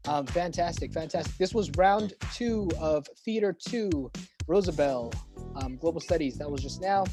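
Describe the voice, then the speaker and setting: An upbeat woman hosting an online youth poetry slam, casual and chatty, who says most things twice. Her voice sits a little low, and clear music plays under it the whole time. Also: normal speed. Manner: upbeat, repeats herself often. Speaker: slam host.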